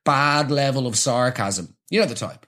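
A man's voice: medium pitch, normal speed, bright, forceful tone. A man delivering a mocking, sweary comedy rant with exasperated energy.

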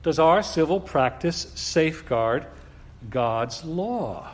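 Man, preacher, sermon, very slow and emphatic, rhetorical questions, long echoing church hall. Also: fairly high pitch, animated.

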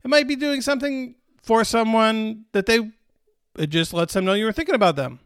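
A man's voice: high voice, fairly quick, fairly bright tone, smooth, no echo, studio quality. A man giving a conversational sermon as pastor, repeating key phrases for emphasis, asking the listeners "right?" and restarting mid-thought.

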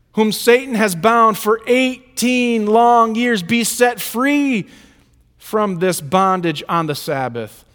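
Man doing a stern teacher rebuking slowly, a bit higher, echoey church. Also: fairly bright tone, heavily acted. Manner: slow, pointed rebuke. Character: rebuking male teacher, stern yet compassionate. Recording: reverberant hall.

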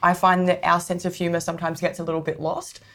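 Australian woman co-host, chatty and self-mocking, slightly low pitch. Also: completely flat delivery, fast talker, fairly bright tone. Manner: chatty, self-deprecating, laughs often. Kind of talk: casual podcast chat.

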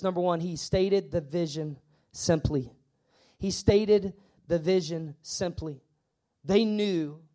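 A man preaching to his congregation in a high voice. He drives his points home with repetition and emphasis. Now and then he stammers through playful acted asides. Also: darkish tone. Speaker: pastor. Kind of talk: sermon.

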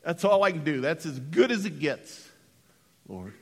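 A middle-aged man from Western Colorado preaching a sermon, dropping to hushed tones and rising to shouts. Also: on the high side, very animated, unhurried, breathy edge, in a large hall. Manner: dramatic, swings from hushed to shouting. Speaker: pastor.

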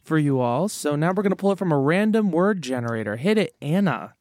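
A man's voice: on the high side, lively intonation, fairly quick, a little mellow, dry recording. A man hosting a comedy podcast, joking and rapping improvised verses. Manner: upbeat, jokey. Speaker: podcast host and improv rapper. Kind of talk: casual chat and improvised hip-hop. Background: backing music.

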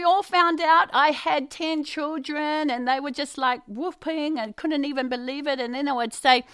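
A woman telling lively faith stories as a guest, exuberant, with loud bursts of excitement and sudden quiet, near-whispered asides. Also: high voice, normal speed, hardly any pauses, dry recording, clean studio sound. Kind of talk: enthusiastic Christian testimony.

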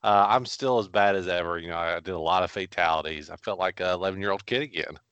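A man's voice: low voice, quick pace, a bit bright, clear, resonant tone, no room sound, lo-fi sound. A man co-hosting a movie podcast, trading playful jokes with the others. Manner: joking, playful banter. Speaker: podcast co-host. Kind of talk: casual podcast chat.

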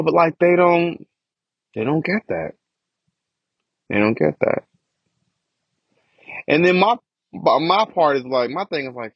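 A young man with a husky voice vents on a podcast, swearing freely and circling back on his complaints in a loose, frustrated monologue. His voice sits at an ordinary pitch. The recording is dull and dry, with a lo-fi quality. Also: no echo. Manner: frustrated profane ranting about family. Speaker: podcast host.

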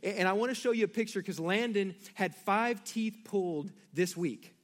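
In his sermon, a middle-aged pastor recounts family stories and addresses the congregation directly in an animated way. His voice sits high, and he speaks at a normal speed.

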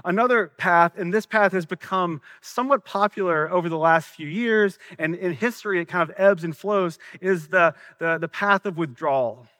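Male pastor, Southern accent, higher-pitched voice, dry close sound, earnest sermon delivery. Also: normal speed, few pauses, sharp tone, no echo. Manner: earnest, questioning preacher, some stumbles and repeats.

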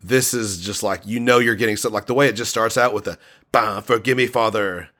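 A man co-hosting a casual album discussion, enthusiastic and halting, full of fillers and restarts. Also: lowish voice, steady tone, fairly bright tone. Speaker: podcast co-host reviewing an album.

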